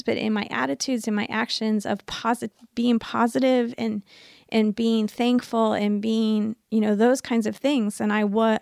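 A woman's voice: medium pitch, vocal fry, a little mellow, no echo, studio quality. A woman co-hosting a faith podcast, speaking earnestly and in a rambling way with many restarts. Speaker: podcast co-host. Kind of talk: casual faith discussion.

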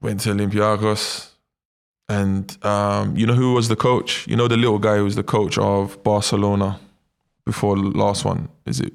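A footballer, low and gravelly. He tells his stories animatedly, leaning on fillers and tag questions to pull the listener in. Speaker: footballer guest. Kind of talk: casual interview chat.

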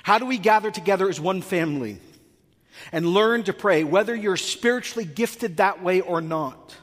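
Animated preacher, high voice, echoey hall. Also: male voice, normal speed. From North America. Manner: animated, acts out comic dialogue. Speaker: pastor. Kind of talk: sermon.

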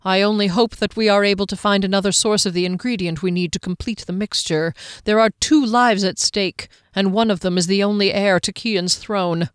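A narrator voices a diplomatic warrior in a storybook reading, earnest and respectful in tone. The voice is smooth and close, with a dry sound. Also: mid-range voice, steady tone, normal speed, few pauses, no echo, natural voice. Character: soft-spoken diplomatic male warrior.

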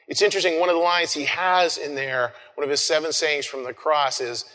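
A male pastor delivers an Easter sermon in a loose, conversational way, circling back on his words and letting phrases trail off softly. His voice sits a little high for a man. The sound carries a long reverb from a large hall. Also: normal speed. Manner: conversational, with frequent restarts and soft trailing phrases.

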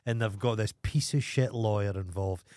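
A man's voice: on the low side, moderate pace, a little mellow, dry recording, studio quality. A Scottish man co-hosting a podcast in casual chat, blunt and ranting with heavy swearing. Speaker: podcast co-host.

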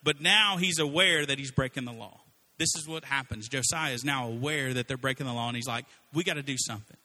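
This sermon comes from a man with a mid-range voice who talks fairly quickly and keeps things casual. He animates his stories by acting out what people said.

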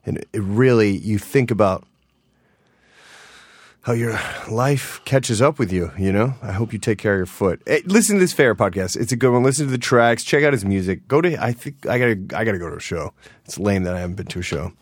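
Excitable cursing male podcast host. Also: on the low side, brisk, no echo, clean studio sound. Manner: animated, cursing, jumpy. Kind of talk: casual chat.

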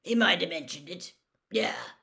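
A woman voicing a gruff, menacing old male wizard in a storybook reading, with a low, gravelly, growling delivery. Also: lively intonation, fairly bright tone, exaggerated voice. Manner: blunt, growling threats, drawn-out stress.

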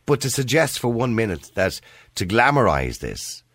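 A man's voice: on the low side, very animated, normal speed, a bit bright, no echo. A middle-aged Irish man hosting a phone-in radio show, chatting casually and laughing easily with his co-host and callers.

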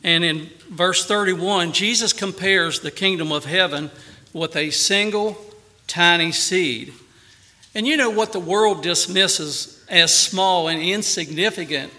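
A man preaching a sermon earnestly, with emphatic rises on key phrases and a quieter, softer voice in prayer. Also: high voice, a little slow.

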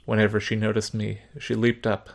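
A man narrating a story in the first person, measured, subdued and reflective. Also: on the low side, completely flat delivery, vocal fry.

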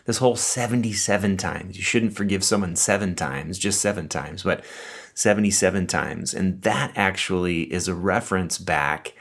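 A man's voice: low voice, normal speed, a bit bright. A man preaching a sermon in a conversational way, reading scripture and explaining it with asides. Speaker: pastor.

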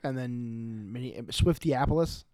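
A man co-hosting a casual podcast, full of teasing jokes and deadpan one-liners. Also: medium pitch, slow pace, no echo. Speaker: podcast co-host. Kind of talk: casual chat.

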